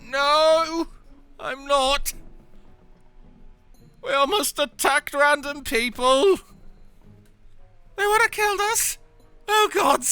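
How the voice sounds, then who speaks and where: A man voicing a young traveler in a panic after eating bad mushrooms, frantic, shrill and close to tears. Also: takes it slowly, pauses often, pushed and bright, no echo, soft background music, full character voice. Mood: distraught.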